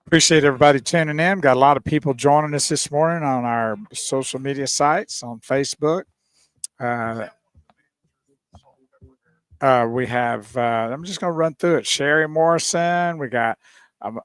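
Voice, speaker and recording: A man's voice: medium pitch, a bit bright, smooth, no room sound. A man co-hosting a radio talk show, easygoing and laughing often in casual chat. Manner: easygoing, laughs often, reads names aloud.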